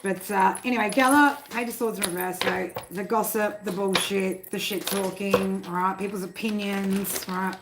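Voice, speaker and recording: A woman's voice: medium pitch, steady tone, normal speed, few pauses, very noisy. A woman hosting a live tarot stream from home, chatty and easygoing, swearing freely and laughing often. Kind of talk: casual live-stream chat. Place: home room.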